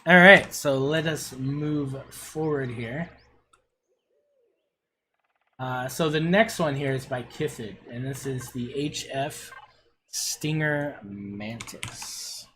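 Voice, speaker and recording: A man's voice: mid-range voice, takes it slowly, pushed and bright, slight background noise. A middle-aged man on a casual livestream, gushing and swearing as he reviews player builds.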